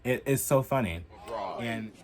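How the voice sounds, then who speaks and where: A young man giving heated, profane political commentary in a casual vlog, filling his talk with "like" and getting loud as he goes. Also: unhurried. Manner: heated and profane, heavy use of "like"; animated, jumping in pitch and loudness.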